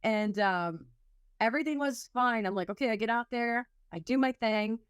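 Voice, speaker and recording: A woman's voice: fairly high pitch, normal speed, smooth, no room sound, clean studio sound. A woman hosting a podcast in casual chat, telling a story with lots of laughter and acting out her own reactions. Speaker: podcast host.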